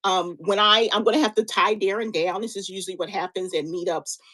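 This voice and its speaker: A woman's voice: mid-range voice, fairly even intonation, a little fast, bright, forceful tone, poor audio. A woman in her fifties co-hosting a live-stream sale, chatting in an encouraging, motivational way and often restarting her sentences. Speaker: live-stream seller and co-host.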